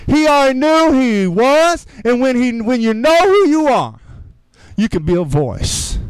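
A man's voice: very high-pitched, smooth, no room sound, poor audio. A man preaching a sermon as pastor, repeating rhetorical questions, calling for amens, and using informal, earnest phrasing. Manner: repetitive rhetorical questions, calls for amen.

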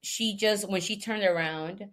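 A woman who founded an animal rescue, telling a story in a casual, animated way, with many restarts and quick emotion. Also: medium pitch.

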